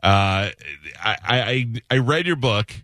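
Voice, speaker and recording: Joking middle-aged radio host. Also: male voice, medium pitch, lively intonation, unhurried, bright, forceful tone, no room sound, clean studio sound. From New York. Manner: joking, laughs often. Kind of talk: casual radio interview.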